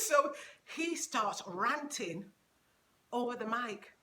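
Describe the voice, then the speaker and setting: A woman telling a personal story in a casual vlog, animated and laughing often. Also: fairly high pitch, extremely slow.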